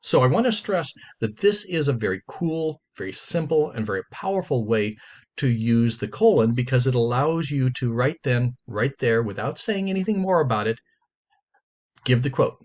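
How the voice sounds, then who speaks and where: A male teacher explains a writing rule to his class in an easy, conversational lecture. He leans hard on the points he cares about and comes back to them more than once. His voice sits at an ordinary pitch for a man. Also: animated, normal speed, darkish tone. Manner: emphatic, conversational, stresses key points and repeats them.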